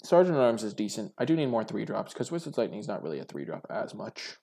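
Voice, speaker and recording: A man's voice: on the low side, big pitch swings, quick pace, gravelly, warm tone. A young man hosting a card game video, thinking aloud over his draft picks in a musing, hesitant way full of filler words.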